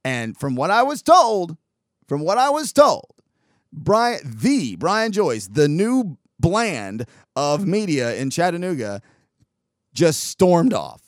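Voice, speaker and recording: A man hosting a show, telling a story in a sarcastic, animated way with quick asides. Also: a little high, no echo, studio quality. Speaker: podcast host. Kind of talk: casual storytelling monologue.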